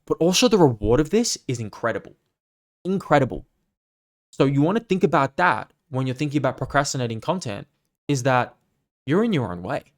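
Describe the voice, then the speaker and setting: A man hosting his own podcast as a coach, giving a blunt, profane, emphatic unscripted rant. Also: mid-range voice. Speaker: fitness coach and podcast host.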